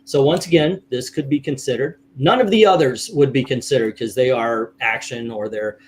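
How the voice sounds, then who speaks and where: A middle-aged man hosting a casual livestream chat, rambling with halting restarts and chuckles. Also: mid-range voice, darkish tone, slight background noise. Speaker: host.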